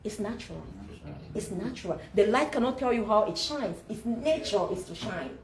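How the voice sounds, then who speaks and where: A woman's voice: mid-range voice, animated, normal speed. A woman leading a sermon-like teaching talk who preaches with rhetorical questions and scripture. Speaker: speaker leading a masterclass. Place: event room. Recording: roomy hall with faint background noise.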